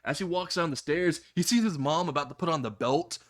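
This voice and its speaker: A man's voice: fairly high pitch, fairly quick, fairly bright tone. A man telling a comedic fan-fiction story in a casual way, laughing at his own jokes and swearing freely.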